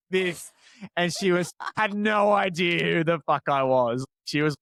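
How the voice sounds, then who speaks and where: A man with a slightly raised pitch, chatting easily as a podcast guest. He laughs often and pokes fun at himself. The sound is close and dry, with no room around it. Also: normal speed, a bit bright, no echo. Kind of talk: casual chat.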